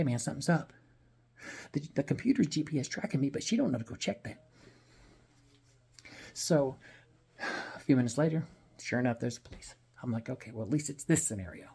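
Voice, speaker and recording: A man's voice: fairly high pitch, darkish tone, slightly rough. A man telling a personal story in a casual, blunt, profane and rambling way.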